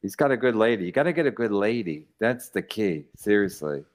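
A male podcast host chats casually in a low-ish, sing-song voice at a slightly fast pace. He swears freely and keeps stumbling into stammering restarts.

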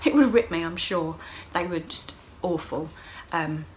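A middle-aged woman talks through her week in a casual video diary, her voice sitting low and warm. She is open and emotional, often laughing between lines. A faint hiss sits under the recording. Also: normal speed. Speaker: vlogger.

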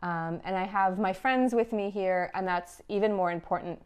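A woman from Afghanistan talks through a recipe on a live cooking stream from her home kitchen. Her voice sits at a middle pitch, and her delivery is chatty and wry, with teasing asides. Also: normal speed, clear, resonant tone. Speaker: cooking show host.

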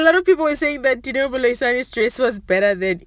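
A young woman hosts a celebrity gossip chat. She has a fairly high voice and an amused, giggly manner. The recording is close and dry. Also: lively intonation, fairly quick, no echo, soft background music. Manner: chatty and amused, often giggling. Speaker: gossip channel host.

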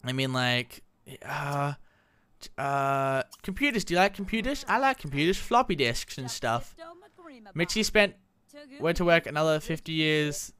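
A young adult commentating a life-simulation game in a casual, slangy, excitable way, laughing often. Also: mid-range voice, a little slow, smooth. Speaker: gameplay commentator. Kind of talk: casual Let's Play commentary.

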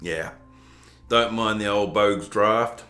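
A man's voice: medium pitch, expressive, slow pace, a bit bright. A man from Tasmania with an Australian accent, chatting casually and jokily as he reviews drinks for his home video channel. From southern Tasmania. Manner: chatty, self-mocking, plays up the poshness as a joke. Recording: roomy echo with faint background music.

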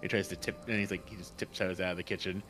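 Low-voiced male player, hesitant, halting speech, faint music behind. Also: little pitch movement, a bit bright. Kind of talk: playing a tabletop game. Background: faint background music.

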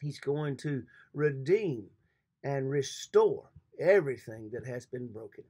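A man delivering an earnest sermon as a pastor, repeating words and slowing down to read scripture aloud. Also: mid-range voice, lively intonation, warm tone, breathy edge. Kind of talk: sermon devotional.

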